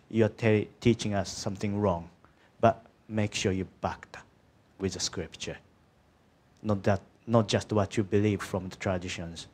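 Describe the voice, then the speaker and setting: A man's voice: on the low side, a little mellow. A man preaching a sermon in conversational, slightly non-native English, often checking in with the congregation. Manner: conversational, asks the congregation "isn't it?" and "yeah?"; second-language English with small grammar slips.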